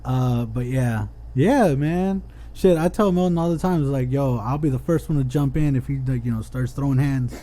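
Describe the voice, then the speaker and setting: Young man, podcast co-host, laid-back chat, mellow voice, casual swearing. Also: mid-range voice, moderate pace.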